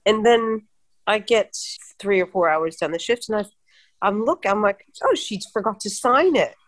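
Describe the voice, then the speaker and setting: A woman's voice: medium pitch, normal speed. A woman who works as a midwife talks casually about her job. She tells stories expressively and acts out the people in them. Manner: expressive, animated storytelling. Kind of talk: casual chat.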